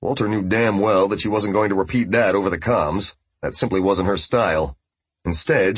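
A man reading a novel aloud as narrator, in a steady storytelling voice. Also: on the low side, normal speed, breathy edge, dry recording. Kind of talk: scripted audiobook narration.

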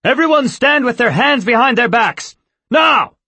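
An obedient guard captain, voiced by a man, snapping crisp replies and barked commands with a husky tone. Dry, close recording. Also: a little high, lively intonation, measured pace, a bit bright, no room sound, voice pushed up, exaggerated voice. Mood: military. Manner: crisp, military.

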